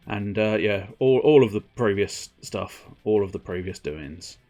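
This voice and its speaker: This fairly low, darkish voice moves at normal speed with few pauses. It belongs to a man giving casual live commentary on a video game, rambling, poking fun at himself, and trying out silly voices for his viewers.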